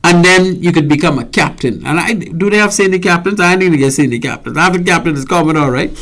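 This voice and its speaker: A man's voice: on the high side, quick pace, fairly bright tone. An older man with a Bahamian accent hosting a radio talk show, speaking emphatically and often repeating words as he gathers his thoughts. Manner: emphatic, repeats words while searching, indignant.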